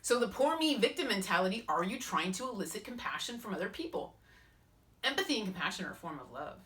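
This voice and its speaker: A woman chatting in a casual vlog as a spiritual advisor, animated and self-mocking. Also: medium pitch, fast talker, far from the mic.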